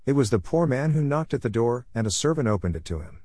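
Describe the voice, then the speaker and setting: A man narrating a folk tale in a steady, plain way. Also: medium pitch, quick pace, dry recording. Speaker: storyteller.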